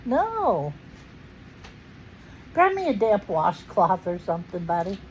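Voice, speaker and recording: A woman's voice: medium pitch, very animated, slow pace, a little mellow, a little hiss or hum, poor audio. A middle-aged woman hosting a casual family chat at home, chatty and playful with frequent laughs. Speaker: host.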